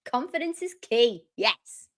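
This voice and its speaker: A woman co-hosting a live football show, enthusiastic and quick, chatting casually about the match. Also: fairly high pitch, sing-song, fairly bright tone. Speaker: co-host.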